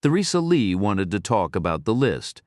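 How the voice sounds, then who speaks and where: A man narrates a first-person thriller audiobook in a steady, matter-of-fact way. His voice is very low. The recording is close and dry, with no room sound. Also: moderate pace, no echo.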